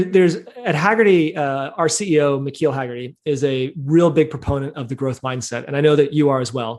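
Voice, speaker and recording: A man in his thirties, a podcast guest, talking in a thoughtful, measured way with plenty of fillers. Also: a little high. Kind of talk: casual interview talk.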